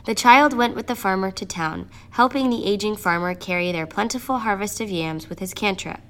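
Woman narrating a dark fable. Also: medium pitch, a little fast, smooth. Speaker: storyteller. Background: music.

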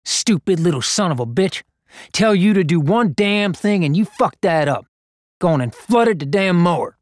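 A man's voice: high voice, lively intonation, moderate pace, no room sound, clean studio sound, pitched above the performer's own voice. A man voicing a mean, crude redneck father in a storybook reading, snarling his lines.

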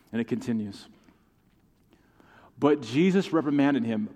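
A man's voice: mid-range voice, moderate pace, a little mellow. Preaching man in a reverberant hall. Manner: impassioned preaching with call-and-response. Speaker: pastor. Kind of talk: sermon. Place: church sanctuary.

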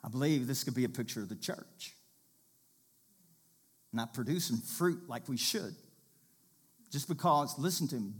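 A male preacher at a mid-range pitch, reading scripture and preaching with dramatic swings in loudness and emphasis. He keeps turning to the congregation with direct calls for their attention. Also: a little slow, long pauses, breathy edge. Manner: dramatic, animated reading with sudden loud and soft turns.

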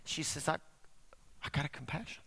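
A man preaching a sermon to a congregation, often asking for an "amen," dropping to quiet asides and slowing down to stress key points. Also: on the high side, creaky, husky. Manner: animated preaching, drops to quiet asides, slows for emphasis. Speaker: pastor.

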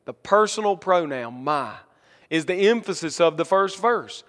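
A man with a notably high voice delivers a sermon from the pulpit. He reads scripture slowly and builds to emphatic, rising lines, and his voice rings on in the long reverb of a church sanctuary. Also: lively intonation, a bit bright. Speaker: pastor.

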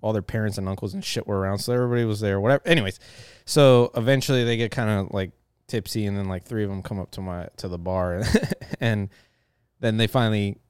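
A man in his thirties hosting a live chat, telling stories in a profane, animated way with frequent laughs. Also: lowish voice, quick pace, clean tone, no room sound, studio quality. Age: 30s. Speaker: podcast host. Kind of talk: casual chat.

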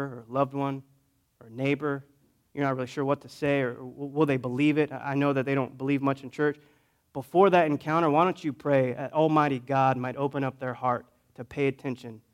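A man, a pastor, preaching a storytelling sermon in a conversational way, swinging between loud emphasis and quiet asides. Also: medium pitch.

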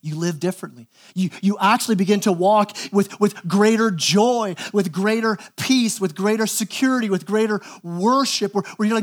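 A man preaching a sermon as pastor, animated, acting out quoted voices and often repeating words as he starts a phrase. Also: high-pitched, fairly quick, hardly any pauses.

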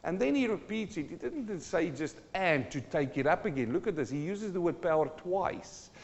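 A male pastor delivers a sermon with passion, dropping to quiet earnest tones and then rising into loud declarations. His voice sits a little high for a man. The sound is dull and lo-fi, carried on the long echo of a church hall. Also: animated, moderate pace. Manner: impassioned, swings between low earnest talk and loud declarations.

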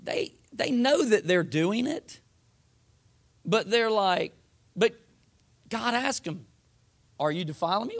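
A man's voice: sits high, lively intonation, takes it slowly, pauses often. A man preaching a sermon in a folksy, conversational way, reading scripture and acting out what people say. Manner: folksy, uses voiced asides for the people.

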